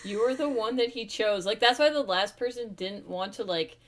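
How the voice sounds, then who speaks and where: A woman's voice: medium pitch, moderate pace. A young woman co-hosting a podcast, chatting casually with a dry, teasing manner. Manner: dry, teasing, drops into mock voices. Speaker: podcast co-host. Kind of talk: casual chat.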